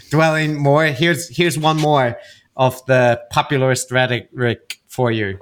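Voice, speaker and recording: A man's voice: medium pitch, fairly even intonation, takes it slowly. A man co-hosting a podcast, chatting casually with wry laughing asides. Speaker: podcast co-host. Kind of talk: casual analytical chat.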